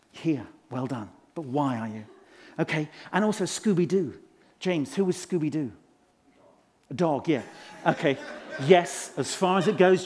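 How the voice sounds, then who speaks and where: A man's voice: on the high side, a little mellow, lightly acted. A man playing a pompous, self-adoring management guru in a live stage comedy act, spouting rhymes and quizzing the audience from a conference stage. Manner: showy rhyming wordplay, quizzes the audience. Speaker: motivational speaker character.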